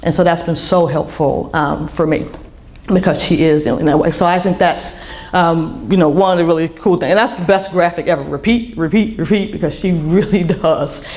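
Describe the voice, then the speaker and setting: A woman's voice: fairly low pitch, fairly even intonation, normal speed, a little mellow. A middle-aged woman, an author, giving a candid personal talk to an audience, full of restarts and fillers. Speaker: author and speaker.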